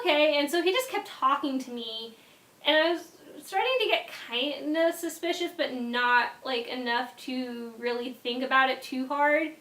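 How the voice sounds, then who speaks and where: A young woman vlogger telling a casual story in an animated way, often dropping into quiet asides. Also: high voice, reverberant.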